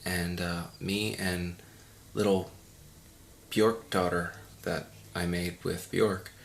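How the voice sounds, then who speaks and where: A man's voice: deep voice, flat delivery, slow pace, gravelly, slight background noise. A man giving a mock audio commentary in a pompous, condescending, rambling way. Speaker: commentary host.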